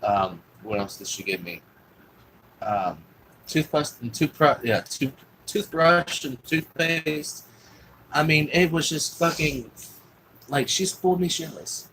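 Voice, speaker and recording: A man's voice: fairly high pitch, expressive, slow, a bit bright, slight background noise, low-quality recording. A man telling a long personal story in a rambling, profane way, with lots of fillers and restarts.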